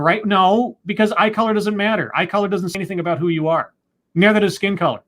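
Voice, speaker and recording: A man's voice: high voice, lively intonation, quick pace, fairly bright tone. A man hosting a casual discussion, talking in an exasperated, ranting way. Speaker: podcast host.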